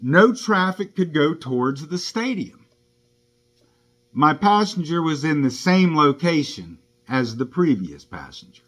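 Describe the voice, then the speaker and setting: A man's voice: on the high side, big pitch swings, measured pace, fairly bright tone. A man who drives for a rideshare service, giving an indignant first-person account of a run-in with police. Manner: indignant, aggrieved storytelling.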